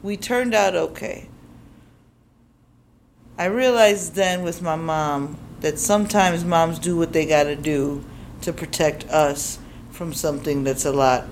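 A young woman from Chicago telling a personal story on stage, animated and profane, acting out the voices she quotes. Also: deep voice, unhurried, a little hiss or hum. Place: stage before a live audience.

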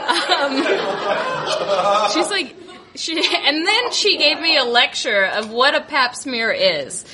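A woman's voice: high voice, animated, takes it slowly, crowd noise, background noise. A young woman telling a comic story to a live audience, giggling and exasperated, peppering it with "like". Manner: giggly, exasperated, quoting with many likes. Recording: live stage recording with audience laughter. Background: laughing audience.

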